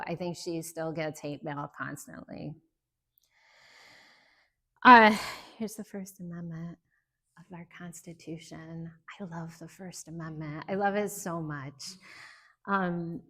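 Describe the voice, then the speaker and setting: A woman librarian talks to a library audience about a book in an earnest, chatty way. Her voice is bright and clear. She laughs easily, and her talk is loose, with many fillers and restarts. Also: mid-range voice.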